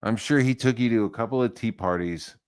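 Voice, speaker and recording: A man's voice: medium pitch, a little fast, a little mellow, clear, resonant tone. A man delivering a profane, heated rant as an online commentator, swearing freely and mocking his target.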